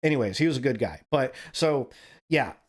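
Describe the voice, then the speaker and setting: This Wyoming man has a mid-range voice with lively intonation and a normal speed. Hosting a stream, he rambles through a casual story, swearing and frequently ending lines with "right?"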